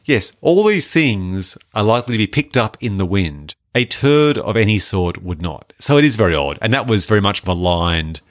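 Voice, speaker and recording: A man's voice: fairly low pitch, normal speed, hardly any pauses, no echo, clean studio sound. A man co-hosting a podcast, chatting casually and jokily about films. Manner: chatty, animated, jokey. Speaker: podcast co-host. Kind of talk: casual film review chat.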